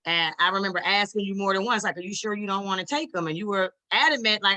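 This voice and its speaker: Bright-voiced woman on a video call. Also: medium pitch, fairly quick. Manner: heartfelt, rambling, swears casually. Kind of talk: emotional casual chat.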